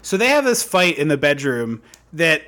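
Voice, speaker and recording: Excitable man, high lively voice. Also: normal speed. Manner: excitable, joking, laughs often. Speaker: podcast co-host. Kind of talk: casual chat recapping a film.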